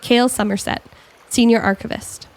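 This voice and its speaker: A woman narrating as game master of a tabletop game, describing scenes with frequent pauses and self-corrections. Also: on the high side, fairly even intonation.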